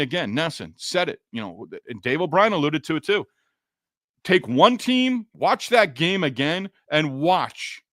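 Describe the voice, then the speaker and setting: A man's voice: mid-range voice, a bit bright, dry recording, studio quality. A man hosting a sports podcast, reading listener comments in a frustrated, sarcastic, rambling way. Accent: Boston. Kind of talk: casual sports podcast talk.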